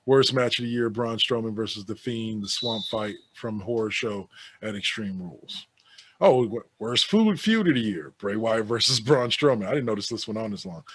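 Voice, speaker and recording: A man's voice: on the low side, normal speed, fairly bright tone, breathy edge. A man co-hosting a casual podcast, reading out a list of awards and adding sarcastic, offhand asides. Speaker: podcast co-host.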